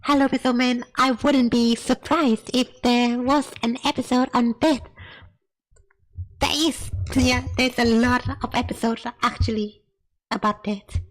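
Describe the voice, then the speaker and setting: A woman's voice: fairly high pitch, fairly even intonation, a little slow, poor audio. A woman streamer chatting casually while reacting to cartoon episodes, laughing and often saying not gonna lie. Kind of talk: casual live-stream chat.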